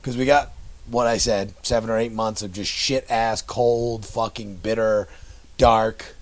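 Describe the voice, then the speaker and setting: A man's voice: on the low side, steady tone, measured pace. A man with a Down East Maine accent, grumbling and swearing his way through casual banter with friends. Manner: grumbling, swears freely, does exaggerated local impressions.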